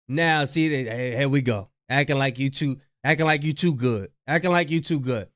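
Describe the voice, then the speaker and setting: A man hosting a casual reaction show, animated, slangy and trash-talking. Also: on the high side, normal speed, hardly any pauses. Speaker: reaction channel host.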